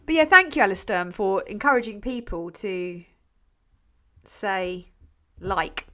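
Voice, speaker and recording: A woman chats loosely on her live stream, replying to viewer comments. She rambles, drops sentences halfway and swears without a second thought, mocking herself as she goes. Her voice sits at an ordinary middle pitch. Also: lively intonation, takes it slowly, sharp tone. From England. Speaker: channel host.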